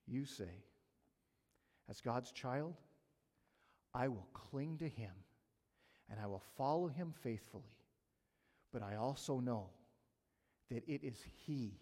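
Animated preacher man in a reverberant hall. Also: medium pitch, unhurried, pauses often. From Canada. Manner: animated storytelling, acts out his own panic. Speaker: pastor. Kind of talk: sermon with personal story.

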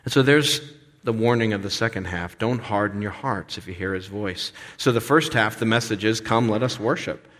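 A man preaching a sermon as pastor, animated and expressive, sometimes acting out the voices of complaining people. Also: lowish voice, moderate pace. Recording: long reverb of a hall.

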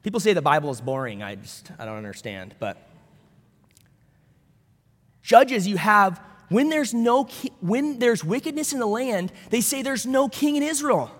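High-voiced man preaching in a reverberant hall. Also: expressive, moderate pace, a bit bright. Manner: conversational, with storytelling asides. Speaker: pastor. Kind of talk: sermon.

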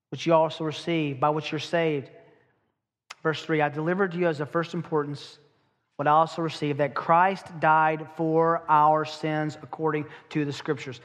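A man preaching a sermon. He is emphatic, asks rhetorical questions, and slows down to stress key phrases. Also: on the high side, fairly bright tone, long reverb tail.

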